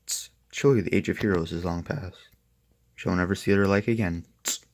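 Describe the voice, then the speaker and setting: A man's voice: low-pitched, steady tone, fairly quick. A young man reviewing a comic book in casual, rambling, profane chat, full of "like" and "and stuff". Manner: rambling, profane, filler-heavy.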